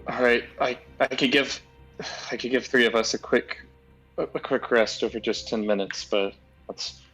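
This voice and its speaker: A man's voice: medium pitch, normal speed, fairly bright tone, husky, soft background music, rough recording. A man playing in a tabletop game, joking in casual chat. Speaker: player.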